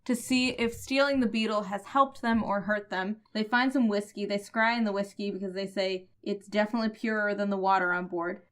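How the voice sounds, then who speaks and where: A woman's voice: mid-range voice, steady tone, a little fast, hardly any pauses. A woman co-hosting a podcast, chatting casually and questioning the plot with a puzzled tone. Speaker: podcast co-host. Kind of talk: casual comic recap chat.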